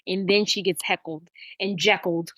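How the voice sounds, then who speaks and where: A young woman with a lowish voice co-hosts a podcast, recapping a film at a moderate pace in casual conversation. She tells it with animation, acting out the characters' lines.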